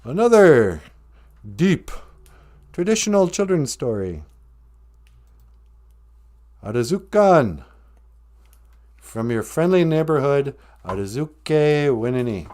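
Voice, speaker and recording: Taking his time with long pauses, a man retells a traditional tale for a podcast in a sing-song, medium-pitched voice with a darkish tone. The telling stays casual and conversational, broken up by joking asides.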